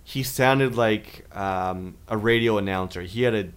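A man co-hosting a podcast, telling a long story in casual chat, rambling and getting animated when he quotes other people. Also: on the low side, a little slow, clear, resonant tone. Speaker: podcast co-host.

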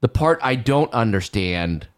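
A man's voice: mid-range voice, expressive, a little slow, clear, resonant tone. A man co-hosting a podcast, chatting casually and circling back with questions. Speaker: podcast co-host. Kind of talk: casual chat.

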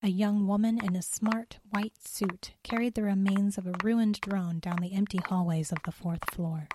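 A woman telling a story in calm, measured scripted narration. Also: medium pitch, background noise.

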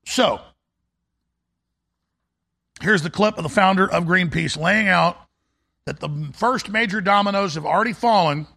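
A man hosting a talk show, ranting through a fiery political monologue. His voice is gravelly and raised high, with a bright, forceful edge. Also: measured pace, pauses often.

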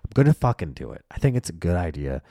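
A man hosts his own podcast alone and rants with lots of profanity in a lively, animated way. His voice sits on the low side with a dark, mellow tone. The recording is dry and close, with no room sound. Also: fast, vocal fry, no room sound. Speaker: podcast host. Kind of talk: solo podcast monologue.

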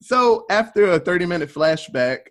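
A man with a fairly high voice hosts a casual movie podcast. He rambles through his recap with a loose, profane, easygoing delivery and plenty of "uh"s. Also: lively intonation, normal speed. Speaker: podcast host.

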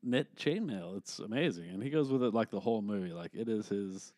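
A man's voice: lowish voice, lively intonation, fairly quick, mellow, dry recording, studio quality. A man co-hosting a casual movie review podcast, rambling and swearing freely, laughing as he talks. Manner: rambling, profane, laughs often. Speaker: podcast co-host.

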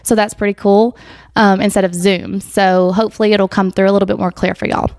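A woman hosting a casual podcast interview on a phone mic, chatty and quick to laugh, her voice a little worn from a recent illness. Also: mid-range voice, flat delivery, darkish tone, no room sound, clean studio sound. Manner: chatty, laughs often, says y'all. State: recovering voice after illness. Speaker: podcast host. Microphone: iPhone.

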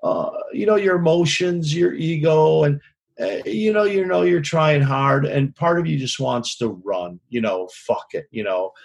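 A man's voice: fairly high pitch, expressive, a little slow, vocal fry. A man who works as a touring concert lighting director, telling frank, rambling stories in an interview, swearing freely and often asking "you know what I mean?". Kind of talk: casual interview storytelling.

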